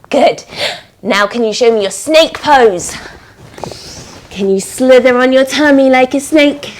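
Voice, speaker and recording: Woman, kids' yoga teacher, high voice, unhurried, cheerful and encouraging, video call. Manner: upbeat, encouraging, sing-song animal sounds. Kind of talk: live online yoga class for children.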